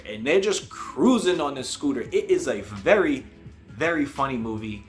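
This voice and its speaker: A man hosts a casual movie review in a voice of ordinary pitch. He tells the plot in a relaxed, conversational way and briefly puts on voices for the characters he quotes. Faint music plays underneath. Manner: acts out quoted characters with quick voice changes.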